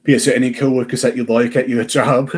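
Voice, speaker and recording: A man's voice: medium pitch, flat delivery, fast talker. A young man chatting on a live stream, rambling with lots of fillers and restarts. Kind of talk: casual live-stream chat.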